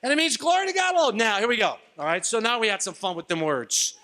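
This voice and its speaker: A man's voice: high-pitched, expressive, fast talker, bright, forceful tone. A middle-aged man, a retreat speaker, giving a playful, jokey youth sermon and leading the crowd in call-and-response.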